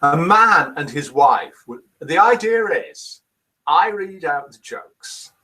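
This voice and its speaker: A man's voice: on the high side, lively intonation, takes it slowly, pushed and bright. A man hosting a casual live stream, reading out viewers' comments and guesses aloud. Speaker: host of a live daily chat stream.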